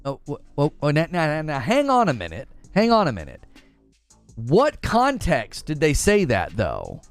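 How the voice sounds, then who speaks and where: A man hosting a casual gaming livestream, talking in an animated, exasperated rant to his chat. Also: on the high side, normal speed, soft background music.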